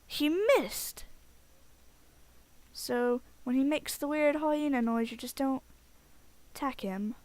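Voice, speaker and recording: A woman's voice: high-pitched, measured pace, no room sound. Chatty woman narrating her gameplay. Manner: chatty, rambling, excitable at game events. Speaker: let's play host. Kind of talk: casual gameplay commentary.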